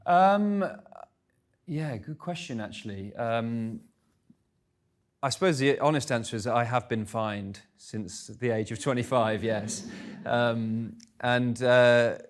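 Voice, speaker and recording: A man's voice: medium pitch, slow. A man, speaking candidly on stage at a live event and telling self-deprecating stories. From England. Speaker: guest speaker.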